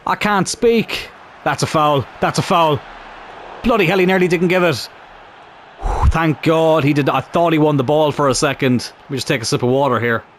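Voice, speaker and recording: A young man commentating on his own football video game career, calm one moment and shouting the next. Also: fairly high pitch, moderate pace, a little hiss or hum. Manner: excitable, shouts at big moments. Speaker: gaming YouTuber.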